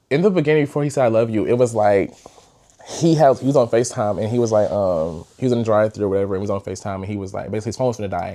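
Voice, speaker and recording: A young man with a somewhat low voice hosts his own podcast and tells a personal story. His delivery is loose and chatty, full of fillers and animated asides. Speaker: podcast host. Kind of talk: casual storytime.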